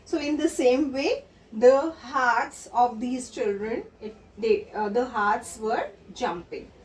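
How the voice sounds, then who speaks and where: Speaking to a group of children, a high-pitched teacher patiently walks through a story and defines its words at an unhurried pace. The recording catches her from a distance in a reverberant room, with faint noise in the background.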